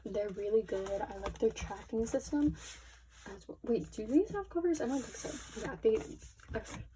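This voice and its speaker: A young woman unboxing albums at her desk in casual commentary. She gushes excitably, her voice shaky, often dropping to a near whisper. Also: mid-range voice, noisy background. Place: small room at her desk.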